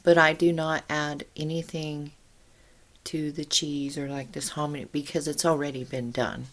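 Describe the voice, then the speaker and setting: A woman's voice: sits low, level tone, moderate pace, fairly bright tone. A woman chatting casually in her home kitchen as she shows a canning task, rambling into asides as she works.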